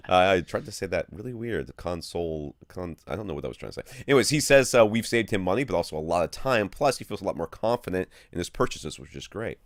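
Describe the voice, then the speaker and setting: A man with a low, deep voice co-hosts a casual podcast in a dry, close-miked sound. He rattles through news quickly and stumbles over words, laughing off his slips. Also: big pitch swings, dry recording. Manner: fast, rambling reading of news with slips. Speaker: podcast co-host.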